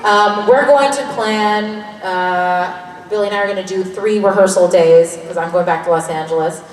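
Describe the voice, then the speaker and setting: A woman in her thirties speaks at a medium pitch and moderate pace as a guest on a convention panel, chatting candidly, laughing often and swearing casually. She's in a large convention hall, recorded from a distant mic with an echoey sound and faint ambience.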